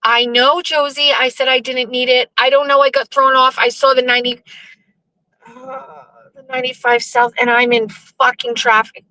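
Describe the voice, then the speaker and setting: A woman's voice: sits high, level tone, moderate pace, pushed and bright, dry recording, low-quality recording. Rambling, cursing woman host. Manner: rambling, profane, exasperated. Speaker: show host. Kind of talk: casual live chat while driving.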